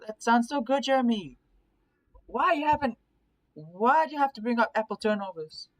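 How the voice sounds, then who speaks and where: A man voicing an excitable young male friend with high, loud, alarmed yelps while reading a game aloud. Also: moderate pace. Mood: excited.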